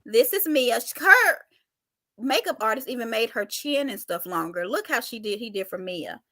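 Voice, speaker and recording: A woman's voice: on the high side, expressive, normal speed, sharp tone, no room sound. A woman hosting a reality TV recap show, chatting casually, jumping between topics and laughing often. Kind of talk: casual chat.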